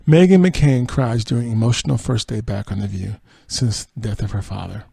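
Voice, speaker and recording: A podcast host with a dark, gravelly, medium-pitched voice reads entertainment headlines and quotes aloud at a slightly slow pace. Between stories he adds dry, sarcastic asides and laughs. The sound is close and dry, with no room sound.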